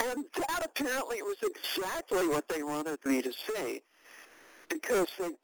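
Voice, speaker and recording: An older woman recounting a past event in an interview, halting and measured with many fillers and restarts, and a wry, dry understatement. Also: mid-range voice, wildly swooping pitch, slight background noise, rough recording.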